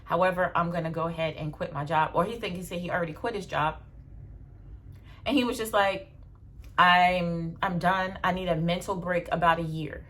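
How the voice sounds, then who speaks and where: A young adult woman, telling stories in a blunt, animated casual vlog with slang and swearing. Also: on the low side, fairly quick. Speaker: vlogger.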